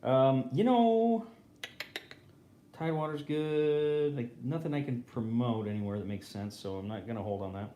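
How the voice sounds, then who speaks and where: Man, mid-pitched, casual live board game host, self-correcting, roomy echo. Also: moderate pace, warm tone, slight background noise.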